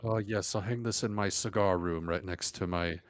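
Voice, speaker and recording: A man's voice: low-pitched, steady tone, moderate pace, soft background music. A man playing his character in a tabletop game, stammering and hesitant. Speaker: player. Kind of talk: in-character role-play.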